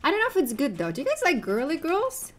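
A woman's voice: sits high, wildly swooping pitch, fast. A young woman streaming a game live, chatting with viewers and a teammate in a rambling, giggly way. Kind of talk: casual live-stream chat while gaming.

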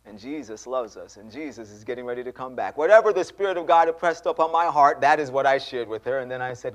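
A man preaching a sermon in a church, telling a story with animated delivery and acting out the dialogue. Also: mid-range voice, fast, few pauses. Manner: animated, acts out dialogue, addresses congregation.

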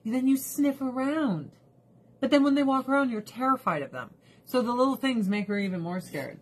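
A woman's voice: on the high side, animated, fairly quick. A woman vlogger giving casual, sarcastic ranting commentary, laughing often and talking to her pets and viewers.

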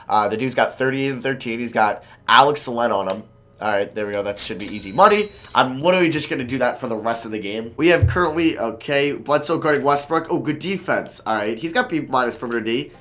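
A man giving live commentary over his own basketball video game, excitable and quick to frustrated outbursts. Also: mid-range voice. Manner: excitable, swings between calm and frustrated outbursts; swears and groans at misses.

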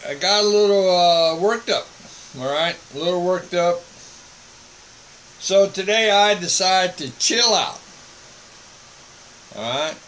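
A man's voice: high-pitched, a bit bright, slight background noise, rough recording. A man, a missionary broadcasting a casual monologue from home and checking in with "all right?". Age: 70s. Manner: slow, folksy, repeats "all right?".

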